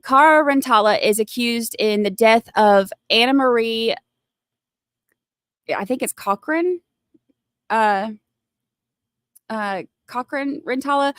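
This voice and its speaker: A woman's voice: fairly high pitch, dry recording, studio quality. A woman with a Southern US accent, hosting a casual livestream, chatty and rambling with lots of fillers and restarts. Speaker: livestream host.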